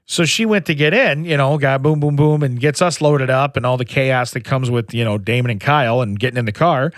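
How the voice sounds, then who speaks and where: A man's voice: medium pitch, a little fast, dry recording, studio quality. A middle-aged man, co-host of a casual podcast, telling a rambling childhood story and laughing at himself. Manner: rambling, laughs at his own stories.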